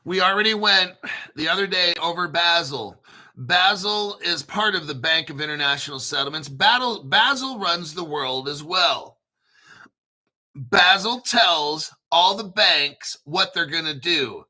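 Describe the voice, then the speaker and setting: A middle-aged man hosting crypto commentary, reading an article aloud while getting excited, swearing and joking back at himself. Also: a little high, measured pace. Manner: excitable, profane, jokes and talks back to himself.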